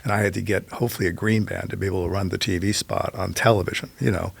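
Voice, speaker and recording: A man's voice: low-pitched, fairly even intonation, fast, creaky, slightly rough. An older man, a filmmaker guest, telling rambling anecdotes in a casual interview, often restarting and quoting others.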